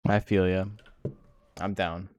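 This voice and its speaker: A man's voice: deep voice, little pitch movement, slow pace, a little mellow, no room sound, highs cut off. A man hosting a game tournament stream, talking casually in a rambling, crude way with lots of fillers. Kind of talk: casual livestream commentary.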